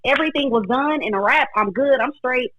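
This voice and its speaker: A woman's voice: sits high, a little fast, a bit bright. A woman guest on a faith-based talk show, speaking earnestly and reflectively, often voicing her own thoughts aloud. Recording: dull lo-fi audio.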